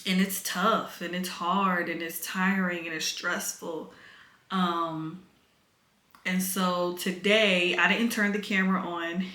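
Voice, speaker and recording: A young pregnant woman talks to her camera over dinner, candid and emotional. Her voice is bright and forward, and the room around her rings with echo. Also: fairly low pitch, level tone, slow. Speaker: vlogger. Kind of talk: casual chat to camera. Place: home, eating dinner.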